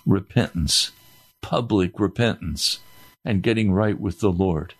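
Slow, earnest preaching man. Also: deep voice, husky. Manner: slow, earnest, emphatic delivery with repeated phrases. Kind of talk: sermon.

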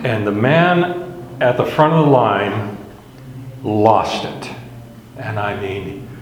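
A man's voice: fairly low pitch, lively intonation, slow, a crowd in the background. A man teaching a Bible lesson in a conversational, storytelling way, often laughing at his own anecdotes. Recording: echoey hall with faint background noise.

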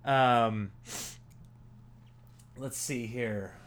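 Chatty comedian with a cold. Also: male voice, mid-range voice, steady tone, extremely slow, a bit bright, a little hiss or hum. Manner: chatty and jokey, laughs at his own bits. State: voice lowered by a cold. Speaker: comedian hosting his own show. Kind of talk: casual rambling monologue.

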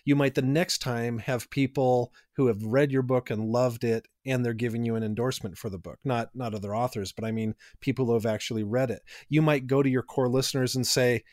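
A man co-hosting a casual podcast, explaining ideas in an energetic, teacherly way and building long lists of examples. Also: medium pitch, normal speed, no room sound, studio quality. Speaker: podcast co-host.

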